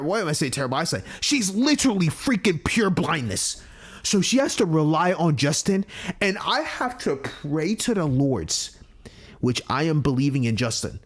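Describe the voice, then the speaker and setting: Excitable, swearing gaming commentator guy. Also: a little high. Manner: excitable, profane, slangy. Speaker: gaming channel host. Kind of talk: let's play commentary.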